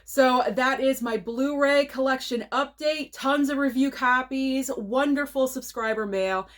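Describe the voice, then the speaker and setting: A woman hosting a movie channel, chatting casually through an unboxing vlog, gushing and excitable, with gasps of delight. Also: sits high, measured pace.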